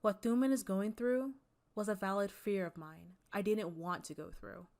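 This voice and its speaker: A woman's voice: medium pitch, steady tone, normal speed, gravelly, darkish tone. A young woman YouTuber, an artist, talking earnestly and candidly in a personal vlog, with a voice she herself calls Valley Girl. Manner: earnest and candid, mixing serious and playful.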